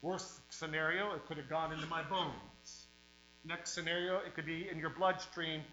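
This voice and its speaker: A male pastor preaching a sermon in a church, emphatic, with sudden swings in loudness and words he stretches out slowly. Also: fairly high pitch, steady tone. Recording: roomy, dull sound with faint mains hum.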